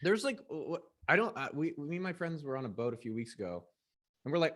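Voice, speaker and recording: A man's voice: fairly high pitch, big pitch swings, quick pace, a bit bright. A man talking as a guest on a podcast, casual, offhand and joking. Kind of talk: casual interview chat.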